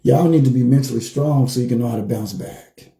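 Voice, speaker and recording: A man giving a motivational livestream talk as a life coach, telling stories with animated energy and repeating his phrases for emphasis. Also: mid-range voice, brisk, vocal fry, echoey room.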